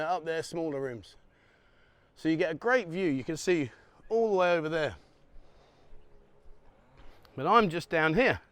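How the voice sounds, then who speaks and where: A man's voice: fairly high pitch, dry recording. A middle-aged man chatting to viewers while he walks around an island resort, joking and sometimes out of breath. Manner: chatty, jokey, addresses viewers directly. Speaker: travel vlogger. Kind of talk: casual walking vlog. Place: outdoors on a hillside island resort.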